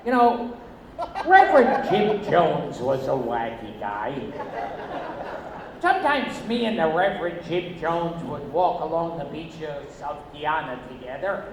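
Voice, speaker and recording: Guy doing stand-up, shrill outbursts, lively pitch, echoey noisy bootleg tape. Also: a little slow. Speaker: stand-up comedian. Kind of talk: stand-up comedy set. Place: casino stage, live audience.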